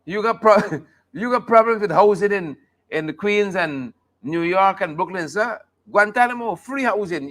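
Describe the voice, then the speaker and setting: A man's voice: high voice, animated, moderate pace, a bit bright. A man hosting a live talk show, joking and commenting on the news in a playful, casual way. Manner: joking, playful, sings snippets and laughs often.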